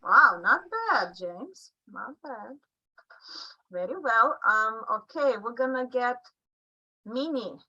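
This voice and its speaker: A woman teaching a group, giving slow and careful instructions and repeating each phrase for them. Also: on the high side, animated, sharp tone, slightly rough, highs cut off. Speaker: neurology instructor.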